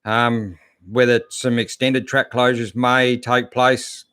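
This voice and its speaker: A middle-aged Australian man hosts a live chat night in a laid-back, easygoing way, full of ums and friendly greetings. His voice sits at an ordinary middle pitch. The recording is dry, with no room sound. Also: flat delivery, slow, fairly bright tone, clear, resonant tone, no echo. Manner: laid-back, chatty, reads out viewers' comments with lots of fillers. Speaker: host.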